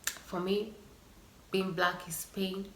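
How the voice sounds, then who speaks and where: A woman's voice: mid-range voice, flat delivery, slow pace, slight background noise. Earnest, emotional woman in an echoey room. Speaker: vlogger. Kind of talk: personal vlog monologue.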